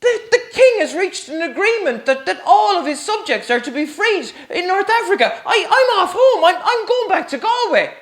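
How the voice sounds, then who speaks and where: A man's voice: very high voice, big pitch swings, moderate pace, voice pushed up. A man voicing an overjoyed young jeweler who stammers and laughs breathlessly. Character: overjoyed young Irish captive jeweler, male.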